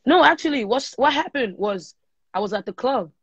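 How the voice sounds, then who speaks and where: A young adult Nigerian singer, guesting on an interview, chats casually and tells stories sprinkled with pidgin. Her voice is husky and a little high, at a moderate pace, with no room sound. She's captured on a phone during a live stream, so the audio is dull and lo-fi.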